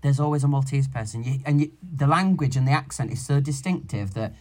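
Animated, camp, swearing male podcast co-host. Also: mid-range voice, fairly quick. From Malta. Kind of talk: casual chat.

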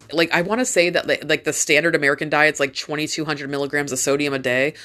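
A woman talking in a candid, rambling monologue, swearing freely as she speaks to listeners. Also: low voice. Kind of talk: casual monologue.

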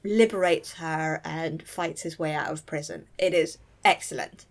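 A woman's voice: sits low, steady tone, unhurried, gravelly. A woman co-hosting a casual book discussion, chatty and full of fillers. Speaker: podcast co-host.

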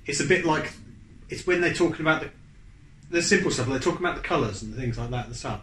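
A man's voice: on the high side, animated, a bit bright, slight background noise. A man chatting casually as a podcast co-host, rambling and restarting his sentences. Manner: rambling, halting with restarts and fillers. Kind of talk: casual chat. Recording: echoey room.

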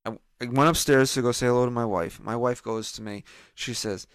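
A man's voice: mid-range voice, fairly even intonation, a little fast, clean tone, dry recording, studio quality. A man co-hosting a podcast, rambling through a story in casual chat and acting out the voices he quotes. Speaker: podcast co-host.

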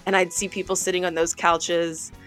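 A woman's voice: on the low side, normal speed, soft background music. A young woman from South Carolina in casual chat, telling a story with acted-out quotes and frequent laughter. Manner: animated storyteller, acts out quotes, laughs often.

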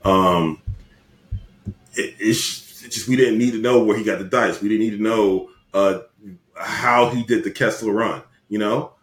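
A man's voice: lowish voice, a little slow. Teasing young man on a podcast. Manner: teasing, playfully indignant. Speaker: podcast co-host. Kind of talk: casual banter. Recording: roomy echo.

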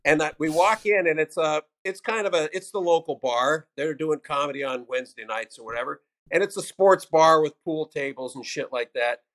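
A man's voice: on the high side, moderate pace. Older man telling comedy road stories. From United States. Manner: loose, profane anecdotes with animated quoted voices. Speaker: stand-up comedian, guest. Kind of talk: casual storytelling interview.

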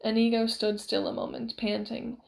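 A woman narrating a novel aloud in a measured, steady storytelling way. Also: a little high, creaky. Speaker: audiobook narrator.

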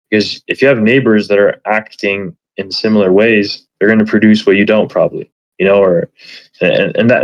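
A man's voice: lowish voice, no room sound, lo-fi sound. A man chatting casually as a podcast guest, rambling with many fillers and swear words. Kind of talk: casual chat.

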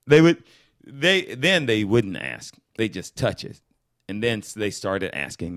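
Animated storytelling man, lively pitch. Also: a little slow. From Georgia, US. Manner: animated storyteller who slips into voices. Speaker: guest actor. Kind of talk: casual chat.

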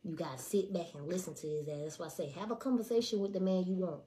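A woman in her twenties telling stories on a casual livestream, blunt and profane. She swings between hushed asides and loud, animated outbursts. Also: on the low side, quick pace. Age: 20s. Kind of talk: casual storytelling to a live audience.

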